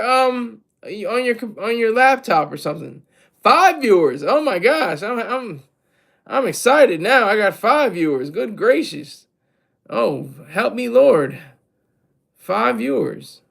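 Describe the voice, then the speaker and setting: Vocal fry colors the high-pitched voice of a man hosting a casual livestream. He rambles with plenty of energy, restarts sentences, and keeps cutting away to address the chat.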